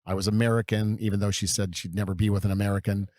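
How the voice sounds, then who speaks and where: Low-voiced man telling stories, dry sound. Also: little pitch movement, a little mellow, no echo. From California. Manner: unhurried, meandering storyteller. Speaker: guest. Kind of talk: reminiscing interview storytelling.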